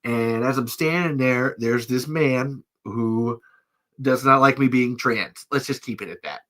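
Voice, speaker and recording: A podcast host, a man with a bright, ringing voice, spins a long casual story. He curses freely and breaks into laughter mid-sentence. He jumps into other people's lines with raised, animated voices. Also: mid-range voice, unhurried. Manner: animated, profane, acts out quotes in raised voices.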